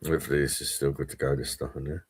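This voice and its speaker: A man's voice: a bass voice, level tone, rapid-fire, slightly rough, dry recording. A man hosting a casual live-stream chat, laid-back and sweary, laughing often. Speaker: host of a drinks review live stream.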